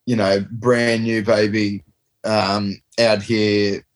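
A relaxed man in his thirties spins a long, rambling story with the odd curse. His voice sits a little low in pitch. He talks like a sportsman chatting with a mate. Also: takes it slowly. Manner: rambling, laid-back, swears freely. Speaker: professional rugby player guest. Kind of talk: casual storytelling.

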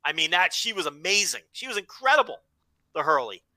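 A man co-hosting a podcast in casual chat, animated and profane, often slipping into quick impressions. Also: high voice, no room sound. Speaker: podcast co-host.

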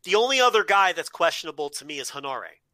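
A man's voice: fairly high pitch, very animated, fast, sharp tone, no room sound. A man co-hosting a casual podcast chat, laying out his case point by point. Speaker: podcast co-host.

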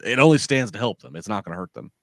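A man's voice: mid-range voice, big pitch swings, fast, creaky, a bit bright, dry recording. A man co-hosting a wrestling podcast, talking casually in long rambling turns with many restarts. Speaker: podcast co-host.

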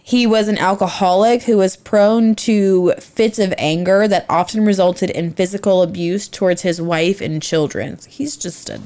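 A woman's voice: mid-range voice, normal speed, hardly any pauses, warm tone. A woman in the middle of her range reads from her notes as a podcast co-host. She trips over names now and then and jokes at her own expense, with casual, chatty banter. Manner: reads from notes, stumbles on names, self-mocking. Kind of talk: casual true-crime podcast chat.

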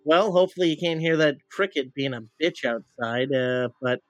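A man co-hosting a casual podcast, rambling and joking as he goes. His voice sits a little high for a man. The recording is dry and close, with no room sound. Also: moderate pace, no echo. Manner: loose, rambling, jokey. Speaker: podcast co-host. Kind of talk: casual chat. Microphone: home recording setup in a shed.

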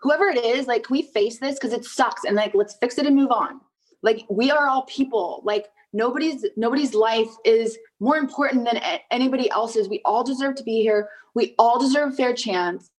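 A woman's voice: fairly high pitch, moderate pace, low-quality recording. A woman in her thirties, an interview guest, talking casually and emphatically with many "like" fillers and frequent swearing, sounding indignant.

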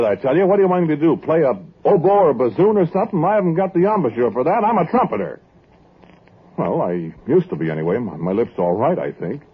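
A stammering, fretful trumpeter. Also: male voice, sits high, husky, heavily acted. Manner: hesitant, stammering, sing-song. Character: nervous, hesitant out-of-work trumpeter. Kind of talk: old-time radio monologue. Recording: tinny old radio with faint music.

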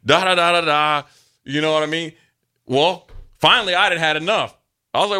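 A man co-hosting a sports talk show, telling stories from his playing days in a loose, animated way and acting out what others said. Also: on the high side, fairly quick. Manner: animated storyteller, acts out quotes, loose and chatty. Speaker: sports radio co-host, former NFL player. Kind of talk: casual sports talk storytelling.

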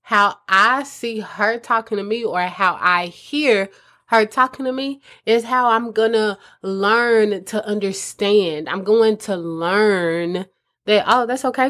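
A woman's voice: medium pitch, slow, fairly bright tone. A woman giving earnest, conversational advice to mothers as a host. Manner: earnest, conversational, addresses listeners as mamas. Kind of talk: casual advice talk.

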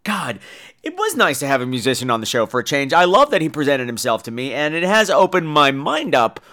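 A man's voice: fairly high pitch, very animated, a little fast, pushed and bright. A man hosting a podcast in a playful, cheeky, joking manner. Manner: playful and cheeky, swears for laughs. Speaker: podcast host. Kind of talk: casual chat.

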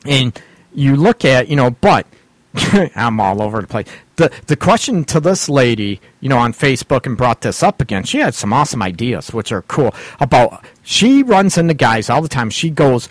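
A man's voice: mid-range voice, very animated, normal speed, dry recording. A middle-aged man hosting a casual talk show about relationships, rambling and laughing often. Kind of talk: casual radio-style chat about relationships.

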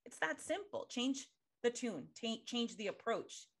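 A woman's voice: a little high, very animated, unhurried. A married woman co-hosting a casual podcast, chatty and open about how emotional she gets. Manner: chatty, emotional, laughs often. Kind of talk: casual conversational chat.

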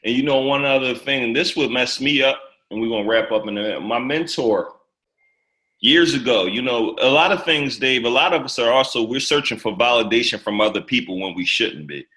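A man hosting a casual podcast interview, talking in an emphatic, animated way. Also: medium pitch, a little fast. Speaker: podcast host. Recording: echoey room.

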